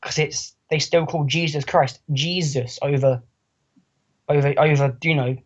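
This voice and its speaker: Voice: mid-range voice, fairly even intonation, a little slow. A podcast co-host in casual chat, rambling and joking and slipping into quoted voices. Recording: muffled lo-fi recording.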